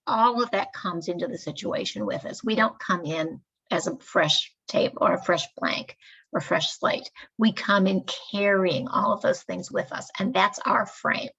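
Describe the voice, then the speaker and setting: Gravelly-voiced woman teaching a workplace lesson. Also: medium pitch, fairly bright tone. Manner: measured, explanatory. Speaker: staff trainer. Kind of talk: recorded training lecture. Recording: dull lo-fi recording.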